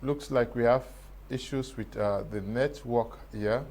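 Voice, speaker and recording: Cameroonian male host of a panel show, measured questioning tone, middle pitch. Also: darkish tone, low-quality recording. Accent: Cameroonian English. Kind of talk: studio panel debate.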